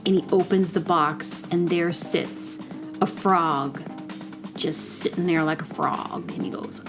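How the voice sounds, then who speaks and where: A woman's voice: on the low side, slow, music in the background. A woman hosting a solo podcast, rambling chattily through digressions with lots of fillers. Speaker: podcast host. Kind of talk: casual solo monologue.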